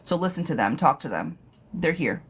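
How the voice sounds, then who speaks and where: A woman's voice: sits low, very animated, moderate pace, slight background noise. A young woman reading tarot on a live stream, casual and sassy, who laughs often and swears freely.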